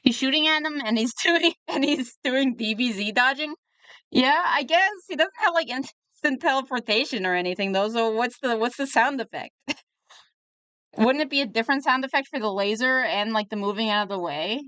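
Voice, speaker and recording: A woman's voice: on the high side, expressive, normal speed, fairly bright tone, no room sound. A young woman reviewing a webcomic in casual, sarcastic commentary, a little tipsy from drinking. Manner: chatty and sarcastic, riffing on the comic.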